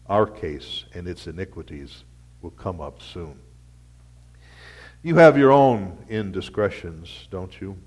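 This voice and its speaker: Man, pastor, slow sermon, low voice, dramatic rises and hushed drops, rhythmic repetition. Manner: slow, dramatic delivery with loud rhetorical peaks and quiet drops.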